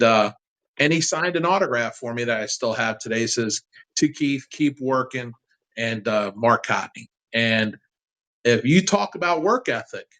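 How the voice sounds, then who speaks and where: Guy in his 50s telling an old story on a sports talk show, lively and heartfelt, regular pitch. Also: low-quality recording. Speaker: sports fan guest. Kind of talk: casual interview storytelling.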